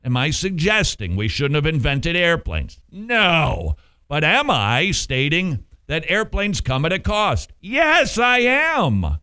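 A man preaching a sermon, animated, with rhetorical questions and playful asides. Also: a little high, unhurried, clear, resonant tone. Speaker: pastor.

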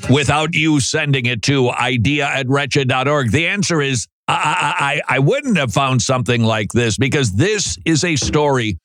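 A man from Minnesota hosting talk radio in a studio, sarcastic and animated, often stammering and restarting his sentences. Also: medium pitch, moderate pace, hardly any pauses, dry recording, faint music behind. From Saint Paul, Minnesota. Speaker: radio host.

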